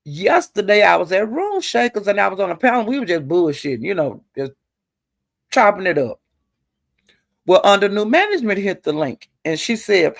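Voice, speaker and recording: A middle-aged woman telling gossip in a chatty, salty way, calling listeners honey and girl and jumping her pitch up high when she quotes people. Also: moderate pace, vocal fry, no echo. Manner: animated, jumps her pitch up high when quoting others. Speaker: online commentator. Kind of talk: casual gossip storytelling.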